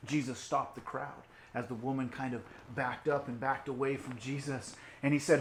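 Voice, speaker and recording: Delivering an online sermon, a youth pastor tells a story with expression, dipping into hushed tones before rising again and tossing in casual asides. His voice is mid-range and fairly quick, with few pauses, in a roomy-sounding space.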